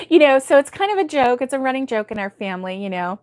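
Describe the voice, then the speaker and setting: A woman's voice: high voice, a little mellow. A middle-aged woman hosting a live crochet stream, chatting casually, laughing often and reading out viewer comments.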